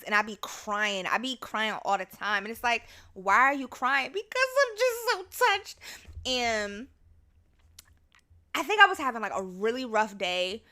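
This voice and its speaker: On her solo podcast, a young adult woman speaks in a forceful, bright, mid-range voice. Her talk is relaxed and chatty, sprinkled with swearing, and she sometimes starts singing.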